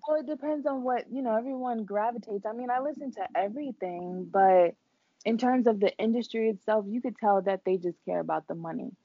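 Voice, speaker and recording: A woman's voice: a little high, a little fast, husky, no room sound, highs cut off. A young woman in casual chat among friends, talking animatedly and humming tunes. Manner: animated, hums melodies, drops to a whisper for gossip.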